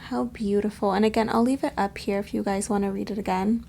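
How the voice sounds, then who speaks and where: A woman giving a casual pick-a-card tarot reading to camera, chatty and affectionate, addressing her viewers warmly. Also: mid-range voice, fairly even intonation, quick pace, vocal fry. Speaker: tarot reader.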